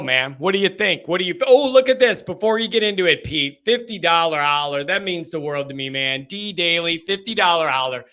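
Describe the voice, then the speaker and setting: A man hosting a live sports call-in show, excitable and loud, riffing and telling stories to his callers. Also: high voice. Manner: hyped, loud, riffing storyteller.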